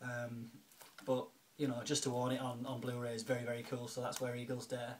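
A man's voice: mid-range voice, completely flat delivery, a little fast, noisy background. Chatty man unboxing films. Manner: chatty and grateful, lots of fillers and restarts. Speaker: video blogger, film collector. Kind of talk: casual unboxing vlog.

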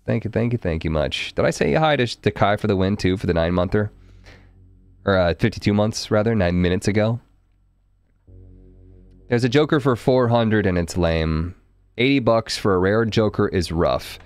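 A man's voice: on the low side, moderate pace, no echo, soft background music. A man from Arkansas streaming a card game, chatting to his viewers in a wry, profane way. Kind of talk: casual live-stream game commentary.

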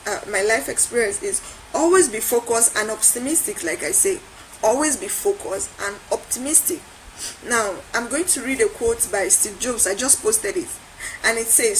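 A woman with a high voice delivers a motivational talk. She hammers each point through repetition and rising, preacher-like build-ups. A faint hiss sits under her voice. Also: lively intonation, normal speed, rough recording. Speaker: motivational speaker.

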